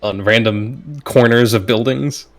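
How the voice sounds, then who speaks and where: A man narrating a tabletop game as game master, hesitant and full of fillers. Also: mid-range voice. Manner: slow, hesitant, lots of fillers.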